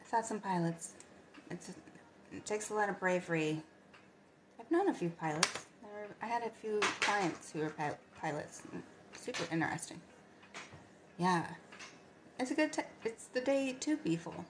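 A woman in her fifties hosting a casual late-night livestream from home, chatty and answering viewer comments with soft asides. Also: mid-range voice, expressive, normal speed, pauses often, slight background noise. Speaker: livestream host.

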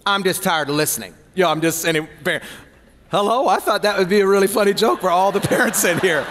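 A man preaching a sermon as pastor, playful and animated, joking with the congregation between points. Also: sits high, fast talker, in a large hall. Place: church hall.

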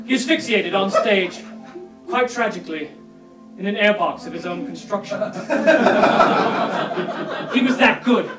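A man's voice: high voice, unhurried, long pauses. An actor on a live stage playing a grief-stricken, talkative male mime who tells his story in a theatrical, overwrought way. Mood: melodramatic. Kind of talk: live sketch comedy performance. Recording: echoey live stage audio from far off, loud music and audience laughter.

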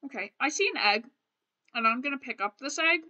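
Young female streamer, bright higher voice, rambling playful game chatter. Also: expressive, fairly quick. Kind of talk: casual gameplay commentary.

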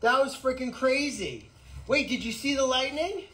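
A man hosting a casual live vlog outdoors on an animal sanctuary farm, talking in an excitable, rambling way. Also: very high-pitched, moderate pace, rough recording.

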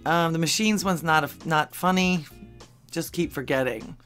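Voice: mid-range voice, normal speed, a bit bright, soft background music. A channel host at home in Texas, reading funny social media posts aloud and adding dry asides between them, with chuckles at the jokes.

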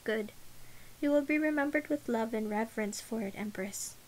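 A woman voicing a calm, pitiless male priest who speaks gravely and evenly, in a storybook reading. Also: on the high side, slight background noise, close to an everyday voice, rough recording. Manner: grave, measured.

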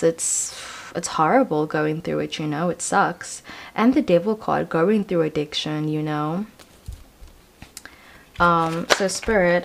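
Young female tarot reader, slightly low pitch, casual, reassuring, rambling delivery. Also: creaky, slight background noise. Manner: chatty, reassuring, lots of "you know" and "um". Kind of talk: casual pick-a-card tarot reading.

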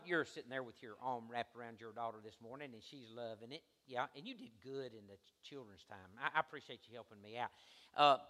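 A man preaching a sermon as pastor, swinging between hushed asides and loud, soaring exhortation. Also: medium pitch. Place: church sanctuary. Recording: reverberant church sanctuary.

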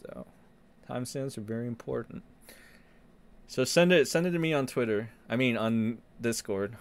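A man hosting a casual livestream, rambling and profane, in animated commentary. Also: mid-range voice, normal speed, slight background noise. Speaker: streamer host.

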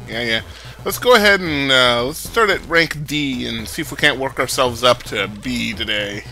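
A man's voice: mid-range voice, moderate pace, bright, forceful tone, soft background music, low-quality recording. A man hosting a let's play, giving casual game commentary with crude, rambling jokes. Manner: joking, crude, rambling asides.

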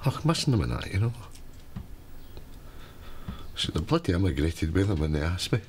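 A deep-voiced Scottish pensioner. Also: male voice, big pitch swings, normal speed, a little mellow, a little hiss or hum. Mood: wistful. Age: older. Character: older male pensioner, wistful and gruff. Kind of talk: sitcom acting.

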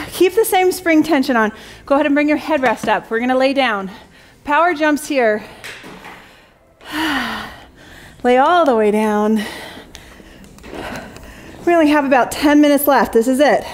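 A young adult woman with a high, animated voice leads a Pilates class at an unhurried pace, counting down reps and calling out cues. She's slightly out of breath but stays upbeat, cheering in bursts between sets.

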